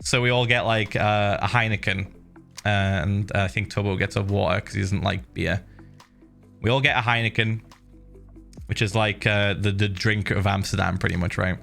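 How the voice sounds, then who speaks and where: A man hosting a livestream, telling a story in casual chat, animated and laughing, with swearing and many fillers. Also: lowish voice, normal speed, vocal fry, faint music behind. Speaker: livestream host.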